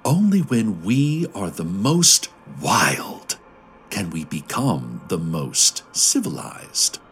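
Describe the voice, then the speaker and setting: A man's voice: mid-range voice, wildly swooping pitch, slow, faint music behind, pitched above the performer's own voice. Murmuring serene wild beings, as a man puts them on. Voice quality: murmuring, musical. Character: serene chorus of wild long-haired beings.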